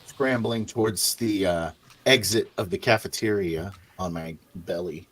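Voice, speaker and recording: A man playing a tabletop sci-fi game, describing his character's actions hesitantly with many pauses. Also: low-pitched, a bit bright. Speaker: player.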